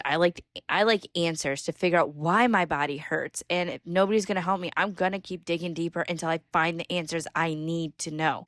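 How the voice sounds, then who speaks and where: Mom hosting a podcast, lowish voice, dead dry close mic, talks straight and coaches you. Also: female voice, no echo. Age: young adult or middle-aged mom. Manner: direct, coaching, repeats key phrases slowly. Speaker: podcast host. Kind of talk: solo podcast advice talk.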